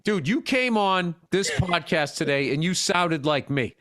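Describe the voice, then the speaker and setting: A middle-aged man co-hosts a comedy podcast, griping profanely and slipping into exaggerated impressions of people. His voice sits a bit high. The recording is dry and close, with no room sound. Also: lively intonation, a little slow, fairly bright tone, no room sound. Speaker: podcast co-host. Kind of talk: casual comedic chat.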